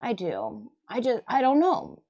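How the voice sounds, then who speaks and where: A young woman from Michigan talks casually to her livestream chat. She rambles and restarts her sentences, breaking into laughter now and then. Her voice sits high, and she takes her time. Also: huge pitch swings, measured pace, dark tone, dull audio. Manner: rambling, self-interrupting, laughs often. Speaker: livestreaming artist and host.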